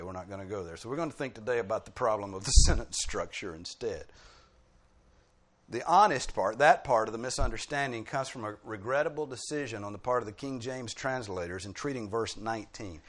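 A man's voice: fairly low pitch, a bit bright. A man preaching a sermon, explaining points like a teacher and punching key words with dry humorous asides.

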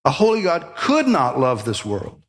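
A man's voice: medium pitch, wildly swooping pitch, moderate pace. A man preaching a sermon, emphatic, with rhetorical questions and sudden rises in emphasis. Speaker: pastor.

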